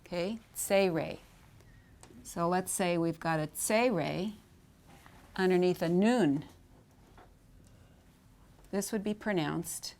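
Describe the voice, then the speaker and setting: Slow lowish woman teacher going over sounds at a board, keeps saying okay. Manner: patient, repeats sounds slowly and asks "okay?". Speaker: Hebrew teacher. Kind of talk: whiteboard lesson.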